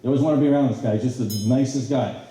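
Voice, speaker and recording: A middle-aged man giving a banquet speech, telling stories in an animated way with many fillers and restarts. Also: medium pitch, fast talker, slight background noise. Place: banquet hall. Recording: very echoey hall from a distance.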